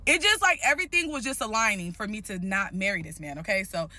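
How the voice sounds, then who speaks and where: A woman telling a story in a casual vlog, blunt and profane, animated and fired up. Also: medium pitch, fast talker.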